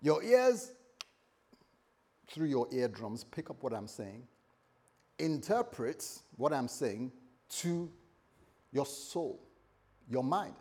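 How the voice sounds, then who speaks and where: Male pastor, mid-pitched, husky, animated sermon delivery with big loud-soft swings. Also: slow pace, long pauses. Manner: lively, repetitive preaching with sudden loud and soft turns.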